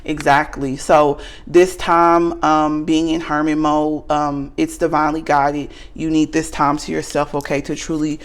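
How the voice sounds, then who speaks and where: A woman's voice: sits low, little pitch movement, a little slow, hardly any pauses. A woman with a Southern US accent giving a casual tarot reading straight to the viewer, frank and earnest, ending almost every sentence with a questioning "okay?". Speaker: tarot reader.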